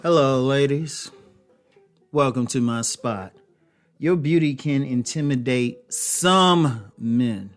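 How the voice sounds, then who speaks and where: Man, casual advice talk, storytelling, mid pitch. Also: takes it slowly, long pauses, a little mellow, faint music behind. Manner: conversational, storytelling, frequent fillers and laughs. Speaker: host.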